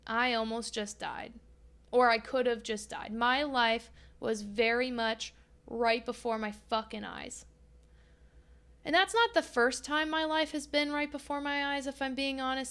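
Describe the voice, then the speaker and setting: A woman's voice: a little high, steady tone, moderate pace, fairly bright tone, smooth. A young adult woman hosting a podcast, candidly telling a personal story and acting out past conversations with frequent swearing. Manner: candid and profane, reenacting her own past dialogue. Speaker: podcast host.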